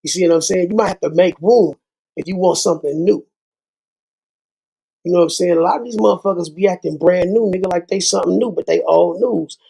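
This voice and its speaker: Man, channel host, fired-up profane rant with rhymes; gravelly, husky, high for a man. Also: a little fast, dark tone, poor audio. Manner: heated, profane, rhyming asides. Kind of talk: ranting monologue to viewers.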